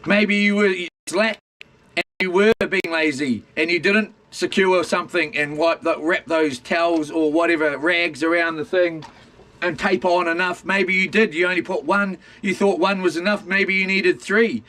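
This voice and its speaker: A New Zealand man rants on a livestream from outdoors. His voice sits fairly high. He is blunt and rambling, with lots of restarts and asides to "mate". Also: steady tone, normal speed, pushed and bright. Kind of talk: casual livestream rant.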